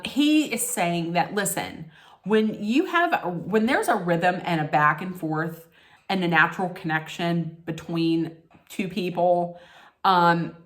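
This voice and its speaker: Woman vlogger, casual rant, emphatic and profane, slightly low voice. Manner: emphatic, blunt and profane, many fillers. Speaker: vlogger recapping a reality show.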